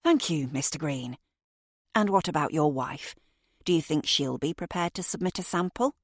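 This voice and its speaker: A woman voicing a calm, polite female police detective who speaks in a measured, courteous way. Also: low-pitched, no room sound, clean studio sound.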